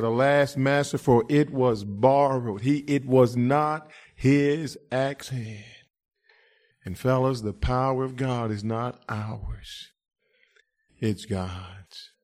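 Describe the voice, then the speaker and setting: This preacher, a man with a mid-range voice, preaches with real passion, alternating soft murmurs with loud shouts. He peppers the sermon with rhetorical "huh?" asides and keeps calling his listeners "friend."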